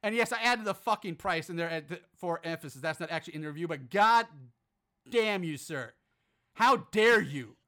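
Bright, high-voiced sarcastic male host. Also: a little fast. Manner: sarcastic, profane, mock-outraged. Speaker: podcast host reading movie reviews. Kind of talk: casual podcast chat.

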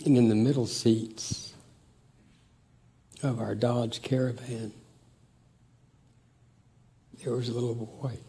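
An older man telling family stories in a slow, reflective, emotional way. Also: medium pitch, level tone. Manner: slow, warm, emotional storytelling.

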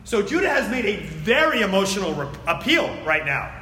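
A man preaching a sermon and reading scripture aloud, swinging between loud emphatic lines and hushed, near-whispered words. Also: high-pitched, sing-song, moderate pace, a little hiss or hum. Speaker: pastor. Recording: echoey hall.

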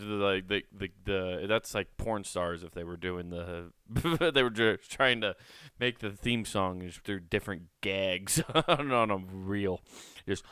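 A man's voice: deep voice, bright, forceful tone, clear, resonant tone, no room sound, clean studio sound. Man rambling and joking on his podcast. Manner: rambling and joking, swears freely. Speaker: podcast host. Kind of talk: casual solo podcast chat. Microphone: close studio microphone.

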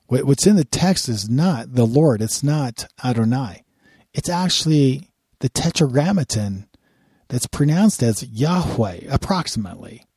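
A man's voice: mid-range voice, animated, measured pace, darkish tone, husky, no echo, studio quality. A man giving a sermon-style Bible lesson, earnest and often repeating words as he starts a phrase. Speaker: Bible teacher.

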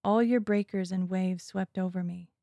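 A woman's voice: fairly low pitch, fairly even intonation, moderate pace, gravelly, mellow, no room sound, clean studio sound. A woman reading as a solemn, praying prophet. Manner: solemn, prayerful. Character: repentant male prophet, solemn and humble.

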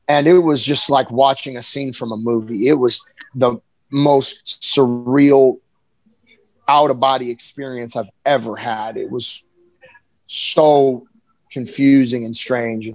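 A young adult man telling a candid personal account in an earnest, halting way, often restarting his sentences. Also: mid-range voice, steady tone, a little mellow, dry recording, poor audio. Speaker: personal storyteller.

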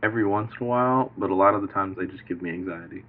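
A man's voice: fairly low pitch, very fast. A man co-hosting a casual sports podcast, making dry, wry remarks. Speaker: podcast co-host. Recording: tinny phone-like audio.

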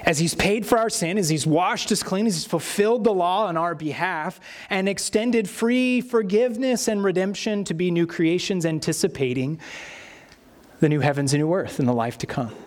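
Male pastor, higher voice, expressive sermon delivery that dramatizes the scripture he quotes. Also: moderate pace.

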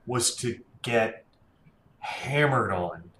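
A man's voice: medium pitch, drawn-out words. A man co-hosting a podcast, chatting casually and enthusiastically about comics in an easygoing way. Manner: easygoing, relaxed fillers, enthusiastic. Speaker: podcast co-host. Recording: echoey room with faint noise.

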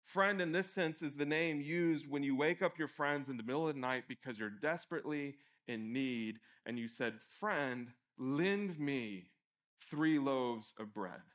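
A young male pastor preaching in a relaxed, conversational tone, slightly higher-pitched than most men. He jokes at his own expense and acts out people calling to each other. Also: normal speed, few pauses. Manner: conversational, self-deprecating, animated when acting out calls. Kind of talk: sermon.

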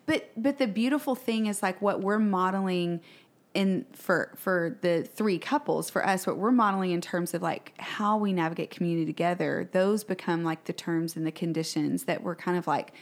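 A woman's voice: fairly low pitch, moderate pace. A woman in a casual podcast conversation, telling stories animatedly and acting out what her children said.

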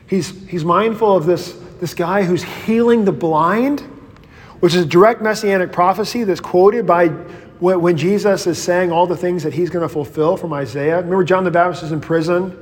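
A man, a pastor, leading a Bible study in a casual, animated storytelling way. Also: high-pitched, moderate pace, big-room sound.

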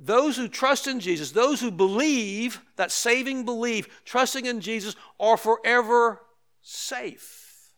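An older man delivers a sermon in a fairly high voice. He preaches conversationally, repeating key phrases for emphasis and tossing asides to his listeners. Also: slow pace, a bit bright. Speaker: pastor.

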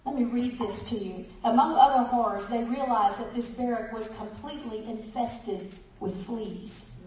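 Lady preacher, high voice, lively and laughing, sounds far off in a big echoey room. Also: normal speed, a little hiss or hum. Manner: exuberant, laughing, speaks to the congregation directly. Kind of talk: sermon with Bible reading and storytelling.

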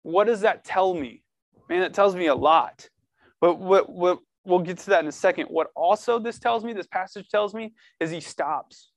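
A man preaching earnestly to a youth group, animated and casual, reading scripture and pleading with his listeners. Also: sits high, moderate pace, dry recording. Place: church room.

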